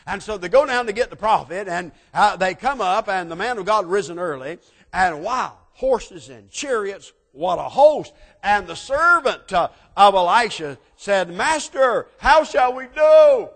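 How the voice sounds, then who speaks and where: A preacher with a somewhat high voice retells a Bible story in a sermon. He acts out the speakers and swings between loud peaks and quiet asides. His voice carries a long reverb from a large hall. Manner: dramatic storytelling preaching, acting out quotes, swinging loud to soft.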